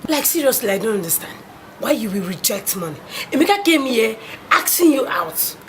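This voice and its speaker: An actress with a Nigerian accent playing a stern older sister who scolds in disbelief. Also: female voice, fairly high pitch, sing-song, fairly quick, a little hiss or hum. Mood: scolding. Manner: scolding, incredulous.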